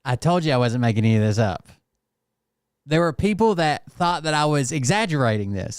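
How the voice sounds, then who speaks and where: A male host chats casually and rambles, swearing freely. His voice is fairly high and very lively, and it gets loud now and then. The sound is dry and close. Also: fairly quick, smooth, no room sound. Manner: loose, rambling, profane. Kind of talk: casual chat.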